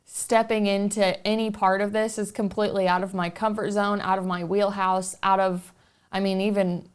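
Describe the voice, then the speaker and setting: A woman's voice: mid-range voice, little pitch movement, normal speed, clean tone. A woman hosting a podcast, chatting casually and candidly about her feelings, often quoting her own thoughts aloud. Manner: open, candid, talks through feelings with self-quoting asides. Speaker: podcast host. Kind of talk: casual conversational chat.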